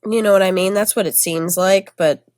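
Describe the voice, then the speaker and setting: A woman's voice: medium pitch, steady tone, moderate pace, darkish tone, dry recording. A woman co-hosting a podcast in casual chat, tossing in slangy teasing asides. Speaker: podcast co-host.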